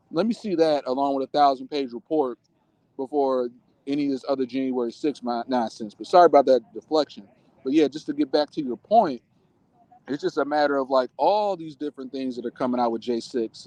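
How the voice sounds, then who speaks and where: Animated rambling male podcast co-host. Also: medium pitch, no room sound. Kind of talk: casual political chat.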